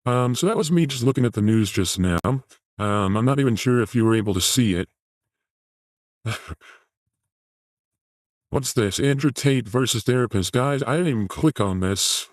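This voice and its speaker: A man hosting a comedy show, reacting to news and clips with deadpan, profane sarcasm. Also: medium pitch, moderate pace, pauses often, dry recording, rough recording. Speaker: show host.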